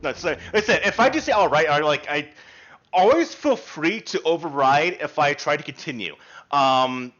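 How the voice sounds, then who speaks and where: A man's voice: fairly high pitch, expressive, normal speed, a bit bright. A man running a tabletop game as game master, explaining rules in a rambling, reassuring way. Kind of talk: casual rules explanation and narration. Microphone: online voice call. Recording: muffled voice chat with faint music.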